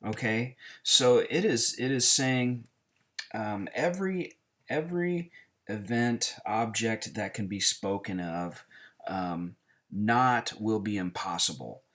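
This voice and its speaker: Very low-voiced man teaching, halting. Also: lively intonation, a bit bright. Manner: halting, many fillers and restarts. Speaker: Greek teacher. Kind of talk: casual teaching with a whiteboard.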